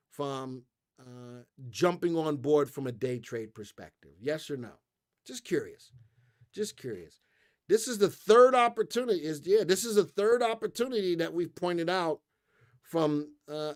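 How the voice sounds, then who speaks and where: American man, higher pitch, dry studio sound, casual live stock commentator. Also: dry recording. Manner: chatty, reads headlines aloud and skims with "blah, blah". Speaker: stock market show host.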